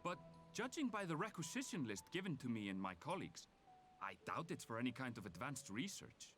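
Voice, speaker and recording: Male gleaner with an Icelandic accent, measured, game character, music under. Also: medium pitch, sing-song, fairly bright tone. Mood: explaining. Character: calm male Viera gleaner, polite.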